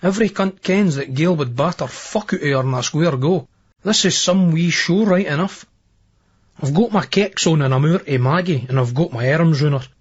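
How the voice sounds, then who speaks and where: A Scottish man reads a novel aloud in first person, crude and dialect-heavy. His voice is husky and a touch high. The recording sounds dull and lo-fi. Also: normal speed. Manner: crude, coarse dialect storytelling. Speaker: audiobook narrator.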